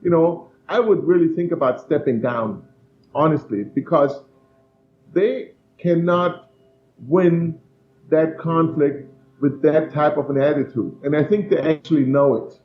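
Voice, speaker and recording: A man's voice: a little high, a little slow, slight background noise. A man giving blunt, emphatic answers as a guest in a political interview. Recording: dull, echoey remote line.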